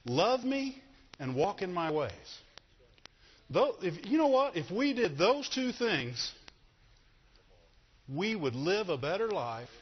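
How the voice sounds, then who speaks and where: A middle-aged man preaching a sermon to a congregation, animated and asking them questions. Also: on the high side. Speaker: pastor. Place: church hall. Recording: dull sound with long hall reverb.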